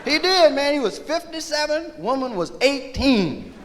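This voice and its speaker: A man performing live stand-up comedy in a large hall, telling loud animated stories and shouting out character bits. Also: extremely high pitch, measured pace. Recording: echoey live concert vinyl with crowd noise. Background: audience laughter and ambience.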